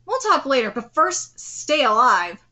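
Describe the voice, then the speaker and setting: A woman voicing a calm, confident young male ninja hero, reading manga dialogue aloud in a cool, steady way. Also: high voice, unhurried, full character voice. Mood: protective.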